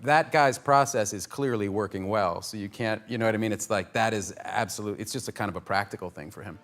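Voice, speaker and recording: Fast-talking low-voiced man. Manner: rapid, animated storyteller. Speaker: interview guest. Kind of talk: casual interview talk.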